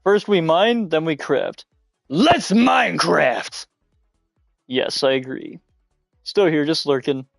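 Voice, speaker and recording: A man livestreaming a game in casual, excitable chat, giggling often and shouting catchphrases. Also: fairly high pitch, measured pace, no echo, faint music behind. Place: at home, mom nearby.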